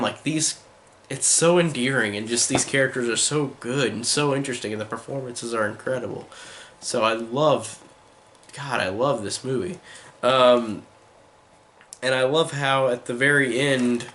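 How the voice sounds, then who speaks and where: A man's voice: mid-range voice, fairly bright tone, a little hiss or hum. A man giving a casual spoken film review, enthusiastic and rambling, with many fillers like "like" and "um".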